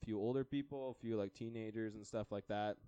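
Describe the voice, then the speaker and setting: A man's voice: on the low side, fast talker, clear, resonant tone, dry recording, muffled recording. A young man from Canada telling a long holiday anecdote in casual podcast chat, acting out the dialogue and laughing as he goes. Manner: animated anecdote-telling, acts out quoted dialogue, laughs often. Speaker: podcast co-host.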